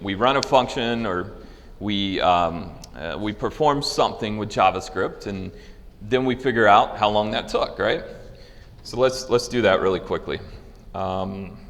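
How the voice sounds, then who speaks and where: Man, low voice, conference speaker walking through code, relaxed rambling delivery, long hall reverb. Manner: casual, loose, with many fillers and restarts. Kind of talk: technical conference talk with live demo.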